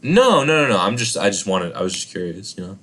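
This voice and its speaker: Deadpan low-voiced young man. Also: quick pace. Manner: deadpan, patient straight man. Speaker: podcast co-host. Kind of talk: casual chat. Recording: video call.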